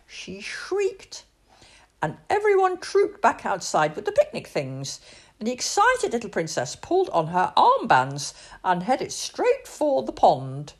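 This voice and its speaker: Slow, expressive woman storyteller. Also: medium pitch. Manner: expressive, sing-song reading. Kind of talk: storybook read-aloud.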